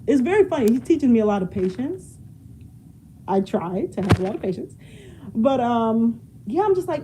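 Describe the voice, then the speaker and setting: A woman's voice: on the high side, sing-song, normal speed, warm tone, a little hiss or hum, poor audio. A young woman chatting casually while she cleans her home, laughing often and drifting away from the mic as she moves. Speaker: vlogger. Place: home, moving around rooms.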